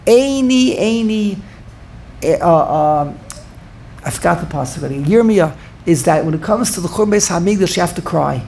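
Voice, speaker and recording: Gravelly-voiced man teaching a Torah class. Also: sits high, animated, normal speed, a little hiss or hum. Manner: thinks out loud, repeats phrases for emphasis, takes student replies. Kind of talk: informal Torah class lecture.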